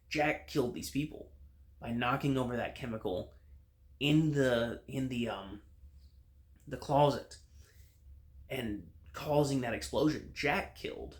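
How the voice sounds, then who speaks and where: Casual male TV reviewer recapping a plot. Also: mid-range voice. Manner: recaps the plot with frequent fillers and restarts.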